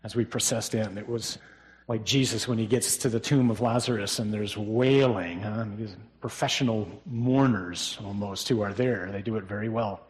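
A man's voice: on the low side, normal speed. A man, a priest, giving a funeral homily in a conversational way, often ending points with a tag question.

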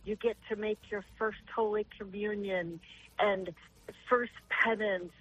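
A woman's voice: mid-range voice, steady tone, a little slow, lo-fi sound, slight background noise. An older woman, a grandmother, calling in to a radio talk show and telling an earnest, rambling story with many restarts. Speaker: caller. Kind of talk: call-in radio question.

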